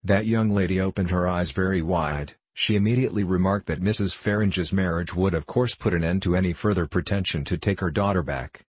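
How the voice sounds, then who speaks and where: A man narrating a novel as an audiobook in a measured, literary way. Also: low voice, slightly rough, no room sound. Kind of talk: audiobook reading.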